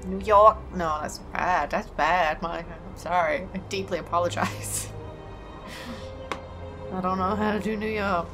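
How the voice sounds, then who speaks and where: A woman's voice: fairly low pitch, steady tone, a little slow, long pauses, music in the background. A woman casually commentating a game, chatty and jokey, talking back to the characters. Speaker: let's play host.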